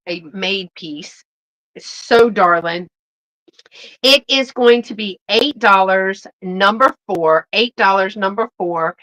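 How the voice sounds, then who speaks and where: A woman's voice: medium pitch, a bit bright, rough recording. A woman hosting a live online sale, chatting in a folksy way and greeting viewers by name. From Texas.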